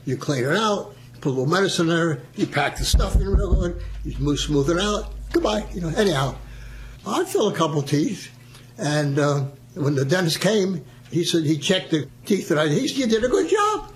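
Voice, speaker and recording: A man's voice: on the high side, lively intonation, moderate pace. An older man, a veteran, chatting through his war memories with frequent chuckles. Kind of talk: storytelling oral history.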